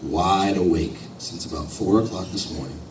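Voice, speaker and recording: Man voicing a young, hesitant worker, low-pitched; distant, roomy room. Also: normal speed, natural voice. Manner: hesitant, pleading. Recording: roomy hall, distant mic, noisy.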